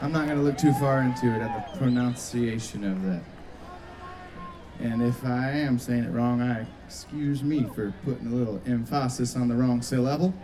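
A man's voice: medium pitch, normal speed, background noise. A man fronting a band, chatting easygoing and self-deprecating between songs at a live concert on a stage microphone.

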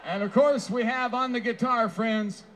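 A man hosting a live variety show with folksy emcee patter and shouted introductions. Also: very high-pitched, steady tone, normal speed. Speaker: show host.

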